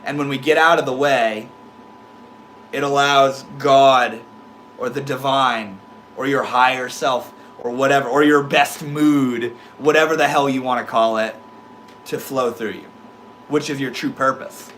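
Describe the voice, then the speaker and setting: A young man with a slight lisp hosts a livestream, reading his chat and talking casually, laid-back and swearing freely. His voice is medium-pitched, steady and a bit bright, at a measured pace, with slight background noise.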